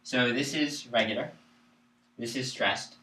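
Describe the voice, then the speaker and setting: A man leads a small group through a chant lesson at an unhurried pace. His voice is bright and forward, and the room around him rings with echo. He explains patiently and breaks into sung note syllables to demonstrate. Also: mid-range voice. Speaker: chant teacher. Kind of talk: live group music lesson.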